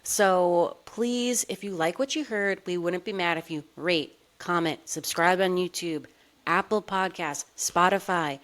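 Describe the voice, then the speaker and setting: A woman's voice: fairly low pitch, unhurried, fairly bright tone. A woman co-hosting a podcast in casual chat, peppering her talk with "like". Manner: chatty, heavy use of "like". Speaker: podcast co-host.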